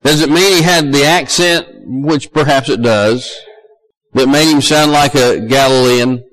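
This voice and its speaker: A man's voice: a little slow, low-quality recording. Southern man preaching a folksy sermon. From American South. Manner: folksy, conversational preaching that rises to loud high emphasis.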